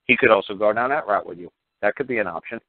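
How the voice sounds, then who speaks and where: A man's voice: on the low side, fast talker, no room sound. A man hosting a call-in radio show, lecturing a caller in a blunt, profane way. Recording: dry phone-line radio audio.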